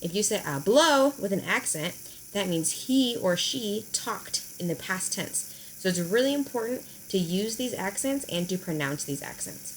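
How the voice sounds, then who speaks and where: A woman teacher, explaining verb endings in a recorded lesson, slowing down to spell them out. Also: mid-range voice, expressive, a little hiss or hum, rough recording. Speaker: high school Spanish teacher. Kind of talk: recorded video lesson at a whiteboard.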